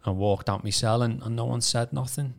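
A man from Birkenhead, telling his testimony on a podcast in a casual, animated way with stammering repeats. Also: mid-range voice, a little fast, creaky. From Birkenhead, England. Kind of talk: casual storytelling.

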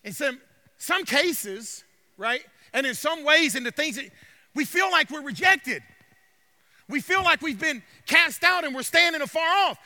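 A male pastor preaching a sermon in church, building from conversational talk to loud cries. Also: extremely high pitch, expressive, normal speed. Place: church sanctuary.

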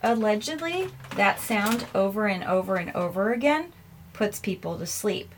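A woman's voice: mid-range voice, lively intonation, moderate pace, slight background noise. A woman hosting a podcast who rambles along in a chatty, offhand way and pokes fun at herself. She laughs easily and keeps things casual while recording herself at home. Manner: chatty, self-mocking, laughs often. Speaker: podcast host. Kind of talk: casual chat. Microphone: earphones in, recording herself.

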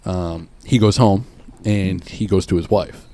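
A man's voice: deep voice, fairly even intonation, unhurried, mellow, a little hiss or hum. A man co-hosting a podcast in casual, crude, joking chat. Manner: crude joking, acts out characters in quotes. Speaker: podcast co-host.

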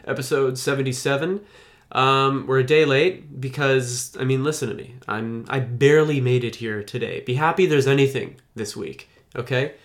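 A man's voice: mid-range voice, normal speed. Man, podcast host, jokey rambling ad-read energy, a bit worn from being sick. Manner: jokey, rambling, mock-defensive. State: recovering from illness. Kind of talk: casual podcast intro and ad read.

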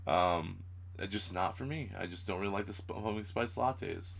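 A man's voice: low-pitched, moderate pace, creaky, fairly bright tone. Easygoing man, teasing co-host. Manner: easygoing, laughs often, teasing. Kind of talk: casual chat.

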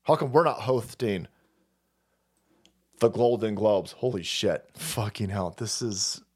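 A man's voice: fairly low pitch, takes it slowly, husky. A man hosting a live stream, ranting in heated, profane, mocking bursts and rambling with restarts and chuckles.

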